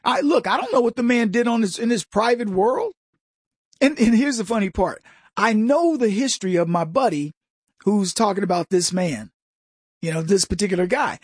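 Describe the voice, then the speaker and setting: A man hosting a casual political commentary monologue, mocking and chuckling with lively asides. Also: high voice, normal speed, slightly rough, no room sound, studio quality.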